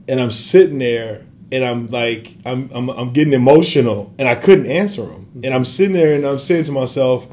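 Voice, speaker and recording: A man's voice: medium pitch, moderate pace, hardly any pauses, a little mellow, slight background noise. A man in his thirties from Wisconsin, an assistant basketball coach, answering interview questions earnestly with many fillers. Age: 30s.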